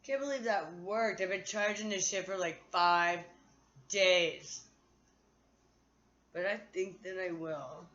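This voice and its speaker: A woman's voice: on the low side, slow pace, long pauses, a bit bright, dull audio. A woman vlogger talking to her phone in a candid, profane, rambling monologue.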